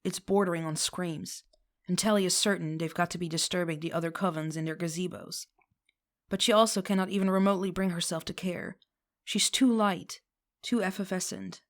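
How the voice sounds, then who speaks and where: A woman reads a fan fiction story aloud with a lowish voice. She reads expressively, slipping into voices for the characters. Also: fairly even intonation, brisk. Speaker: reader.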